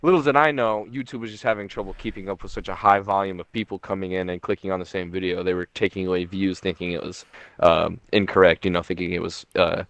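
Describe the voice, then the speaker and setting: A man's voice: sits low, fairly even intonation, fast, no echo. Young man rambling on a podcast. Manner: swearing, rambling, lots of fillers. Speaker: podcast co-host. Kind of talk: casual chat. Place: home room.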